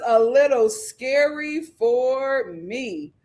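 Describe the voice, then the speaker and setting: A woman hosting a casual recap vlog, telling the story in a lively way and acting out what people said, with filler ums. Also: fairly high pitch, slow, hardly any pauses. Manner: lively storytelling, acts out quotes. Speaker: host.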